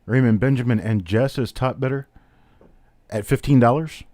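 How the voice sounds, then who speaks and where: Guy running a live coin auction on stream, mid pitch, dry close sound, rattles off bids and prices. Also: normal speed, darkish tone, dry recording. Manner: chatty, calls out bidders and prices. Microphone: webcam on a stand.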